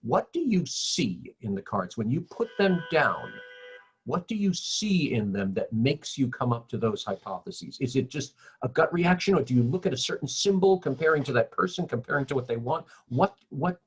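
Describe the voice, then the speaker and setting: A male host with a husky, slightly raspy voice of medium pitch puts questions to his guest. He talks in halting starts, repeating words before he gets to the point. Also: big pitch swings. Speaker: interview host. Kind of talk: interview questions.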